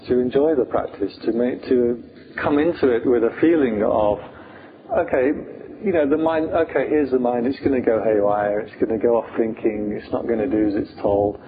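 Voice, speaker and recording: Speaking at a medium pitch and moderate pace, a British Buddhist monk gives a light, humorous meditation talk peppered with fillers. The sound is tinny, like a phone, with some faint hiss.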